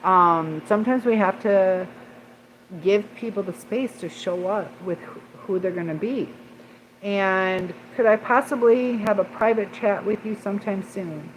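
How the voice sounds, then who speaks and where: Reading viewer comments aloud and responding to them, a woman rambles through a casual livestream, stopping now and then to check the chat and leaning heavily on fillers. Her voice is mid-range, and the rough recording has slight background noise.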